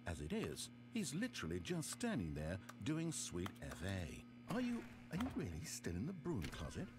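A man's voice: medium pitch, huge pitch swings, normal speed. A man voicing a dry, sardonic narrator in a game, with wry, theatrical, exasperated asides. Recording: game audio with music behind.

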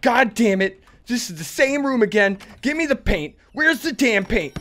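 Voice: mid-range voice, very animated, normal speed, hardly any pauses, fairly bright tone, soft background music. A gamer commenting on a horror game, swearing constantly and breaking into screaming outbursts. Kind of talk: horror let's play commentary.

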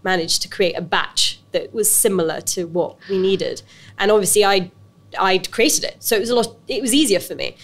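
A woman's voice: mid-range voice, normal speed. British woman telling her story, chatty. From Britain. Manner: animated storytelling with many restarts and fillers. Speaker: actress and business owner, guest. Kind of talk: casual interview conversation.

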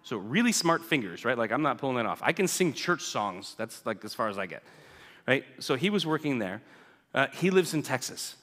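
A man's voice: medium pitch, sing-song, a little fast, a bit bright. A man giving a casual, joking church talk about his mission work, often asking "right?" and acting out what people said. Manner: chatty, keeps asking "right?", acts out quoted people. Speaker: guest speaker reporting on mission work. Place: church sanctuary. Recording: church hall with long reverb.

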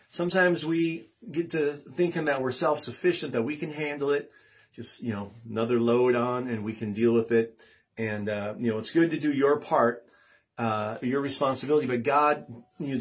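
A man giving a gentle devotional talk, slowly reading scripture verses aloud. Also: mid-range voice, slightly rough. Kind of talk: devotional talk then singing.

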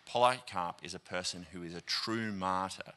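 An Australian man preaching a sermon, telling a story with lively asides, acted-out quotes and plenty of ums and uhs. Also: sits low, normal speed. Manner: animated, acts out quoted voices, many fillers. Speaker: pastor. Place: church auditorium.

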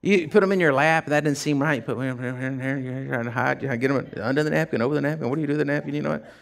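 A pastor preaching a sermon, telling folksy stories in a casual drawl and swinging from hushed asides to fired-up shouts. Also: male voice, medium pitch, rapid-fire, gravelly.

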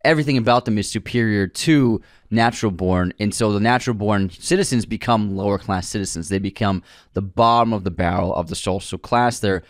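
A man's voice: lowish voice, a little fast, no room sound, studio quality. A man co-hosting a film podcast, talking earnestly and stumbling over words now and then. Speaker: podcast co-host. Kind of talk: casual film discussion.

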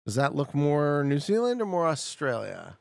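A man streaming a geography game, chatting casually with his viewers and bursting out excitedly when he gets it right. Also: on the high side, normal speed, gravelly, no echo, clean studio sound. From Canada. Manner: chatty, talks to chat, excitable outbursts. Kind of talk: casual live-stream commentary.

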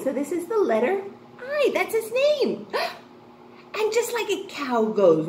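A woman teaching a kindergarten phonics class, talking slowly and excitedly with delighted gasps. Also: sits high. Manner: slow, sing-song and excited, gasping with delight. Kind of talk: online lesson for young children. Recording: echoey room with faint noise.

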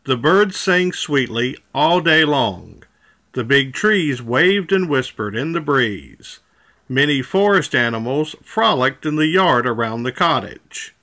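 A man narrating a children's storybook aloud with a measured, clear reading. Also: medium pitch, expressive, sharp tone.

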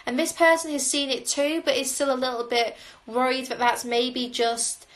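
A woman giving a live tarot reading, musing and intuitive, often pausing with "um" as she reads the cards. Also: high voice, little pitch movement, fairly bright tone, low-quality recording. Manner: musing, intuitive, frequent "um" fillers. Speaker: tarot reader. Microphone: phone on a livestream.

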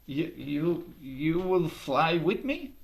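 A man voicing a gentle, hesitant young man who stammers softly. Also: a little high, sing-song, slow pace, creaky, heavily acted. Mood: wistful.

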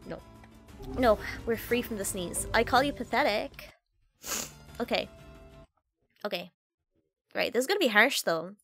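A sniffly woman with a cold talks through a game stream at an unhurried pace, her voice bright and lively. She swears freely, laughs a lot and hurls mock threats at the characters on screen. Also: a little high, creaky, soft background music. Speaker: streamer playing a video game. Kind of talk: live game stream chat.

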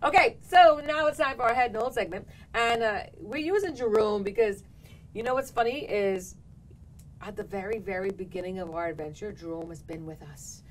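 A woman hosting a talk show, telling a story in an animated way and acting out what people said. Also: mid-range voice, normal speed, a little hiss or hum, low-quality recording. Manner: animated, laughing, acts out quotes. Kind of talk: casual storytelling chat.

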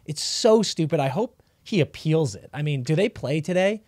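A man co-hosting a sports podcast, ranting in casual chat with big swings between loud and quiet. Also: fairly high pitch, animated, moderate pace, no echo, clean studio sound. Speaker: podcast co-host.

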